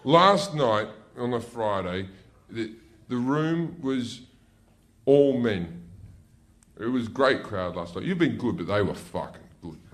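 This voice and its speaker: A middle-aged man performing a stand-up comedy routine on a comedy club stage, brash and profane, with sudden shouted outbursts. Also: medium pitch, animated, takes it slowly.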